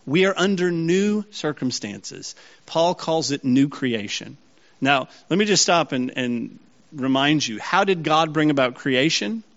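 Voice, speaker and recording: A man's voice: a little high, expressive, a little slow, fairly bright tone. Preacher man, muffled recording. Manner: checks in with the audience often, asking if they follow. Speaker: pastor. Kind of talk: sermon teaching. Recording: slightly dull lo-fi sound.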